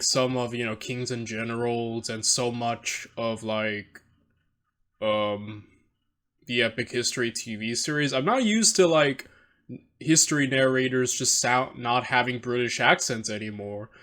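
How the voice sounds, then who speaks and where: A man's voice: mid-range voice, animated, unhurried, a bit bright. A man hosting a reaction video in casual, rambling commentary, self-deprecating and often restarting his sentences.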